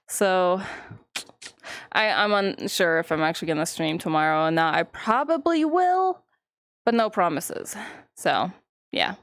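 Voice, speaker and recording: A woman's voice: mid-range voice, clean tone, dry recording, studio quality. A young woman streamer in casual live-stream chat, rambling, giggling often and swearing freely.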